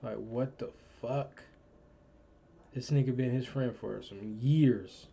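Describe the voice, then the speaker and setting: A man's voice: medium pitch, fairly even intonation, takes it slowly, gravelly, dark tone, husky. A young man hosting a reaction video, commenting in a slangy, emphatic way and drifting into preachy asides.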